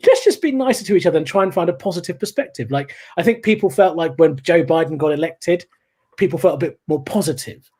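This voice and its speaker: A man doing a stand-up comedy set over a video call, animated and telling stories with acted-out voices. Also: a little high, quick pace, breathy edge.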